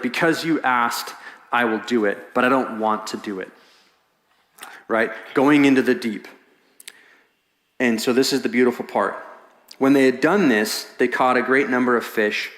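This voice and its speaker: A man preaching a sermon as pastor, telling a story in a lively way and acting out the voices of the people in it. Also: medium pitch, normal speed, pauses often. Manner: animated storytelling, acts out quoted voices. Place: large church hall. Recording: echoey hall.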